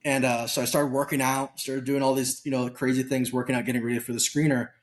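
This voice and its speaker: A man guest on an interview show, telling a story in a candid, casual way with lively acted-out bits of dialogue. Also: medium pitch, fast. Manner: animated storyteller who acts out quoted dialogue; candid, casual, occasionally swears. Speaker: podcast guest.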